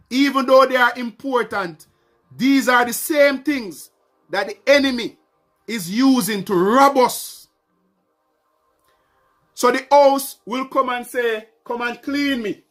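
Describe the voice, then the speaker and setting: A man's voice: extremely high pitch, sharp tone. A man preaching a sermon with emphatic delivery, repeating key phrases and calling out to his congregation.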